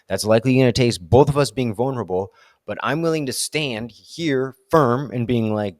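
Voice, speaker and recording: A man's voice: mid-range voice, moderate pace, a little mellow, no room sound, studio quality. A man talking through his thoughts in a candid solo vlog, rambling and self-questioning, leaning on "like" and "right?". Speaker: vlogger. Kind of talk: reflective solo monologue.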